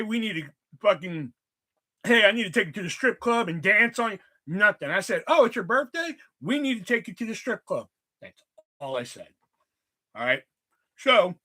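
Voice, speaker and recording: A young man hosting a livestream, telling casual stories in an animated, profane way and acting out quotes. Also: sits high. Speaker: livestream host. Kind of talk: casual storytelling chat.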